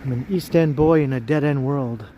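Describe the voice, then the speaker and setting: A man's voice: medium pitch, normal speed, warm tone, highs cut off. A man hosting a casual walking livestream outdoors, chatty and jokey, greeting viewers by name as he walks city streets. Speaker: livestream host. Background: street traffic.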